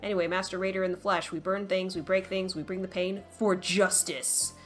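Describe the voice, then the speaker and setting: Woman reading as a brash quick raider master. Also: fairly low pitch, fairly even intonation, soft background music, lightly acted. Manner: brisk, breezy, boastful.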